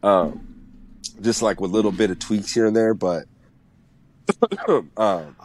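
A man's voice: on the low side, takes it slowly. A man in his thirties, a music producer guest, giving blunt and profane advice in casual podcast chat.

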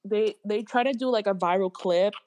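A woman in casual podcast chat, telling a story in slangy, animated talk. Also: mid-range voice, moderate pace.

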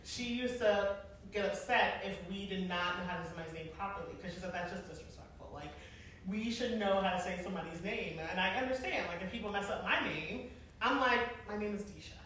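A woman in her forties telling stories to a live audience, animated and chatty, often laughing. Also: medium pitch, fairly quick, slight background noise. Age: 40s. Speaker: event planner and speaker. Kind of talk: storytelling talk to a live audience. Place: large room with an audience. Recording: echoey room, mic from far off.

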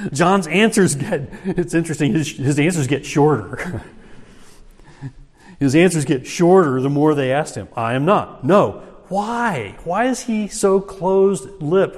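Pastor guy preaching slow, kinda high voice, big echoey church sound. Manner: slow, emphatic preaching with rhetorical questions. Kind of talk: sermon. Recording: long hall reverb.

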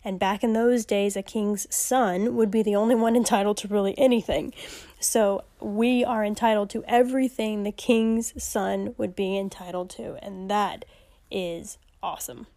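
A woman hosting a podcast, teaching from scripture in a casual, animated way, reading passages aloud and laughing often. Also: mid-range voice, moderate pace.

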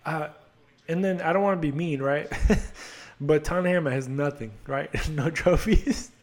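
This podcast host is a young man whose voice sits on the high side, moving at a moderate pace. The talk is casual soccer chat: he rambles, cracks jokes, swears, and pokes fun at himself.

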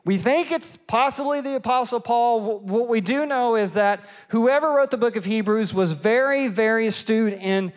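A middle-aged man preaching a sermon and telling a lively, self-mocking story, acting out the people in it. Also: very high voice, normal speed, hardly any pauses. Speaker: pastor. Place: church auditorium. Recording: long hall reverb.

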